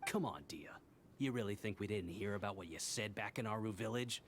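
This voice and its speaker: An actor playing a sly, mocking male tavern schemer in a game, smooth and taunting. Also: on the low side, brisk, a little hiss or hum, natural voice. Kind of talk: game voice acting.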